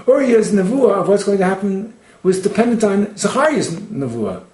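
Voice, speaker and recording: A man's voice: sits high, big pitch swings, normal speed, a little mellow, reverberant, poor audio. A man giving a Torah lecture, quoting Hebrew texts and translating them as he explains. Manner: expounds texts, quotes Hebrew then translates. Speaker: Torah teacher.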